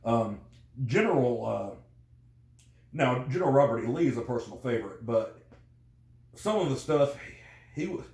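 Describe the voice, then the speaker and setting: A man's voice: mid-range voice, darkish tone. A man chatting casually as a guest, rambling with many fillers and restarts. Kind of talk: casual conversation. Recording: roomy echo.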